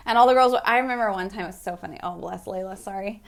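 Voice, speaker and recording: A woman in her thirties from the American South, a guest telling stories in a casual interview, animated and laughing often. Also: mid-range voice, fast talker, gravelly. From Florida, American South.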